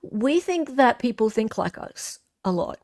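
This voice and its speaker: A woman's voice: a little high, big pitch swings, unhurried, darkish tone. A woman hosting a casual livestream, reading viewer comments aloud and answering them in a chatty way with frequent fillers. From Australia. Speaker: livestream host.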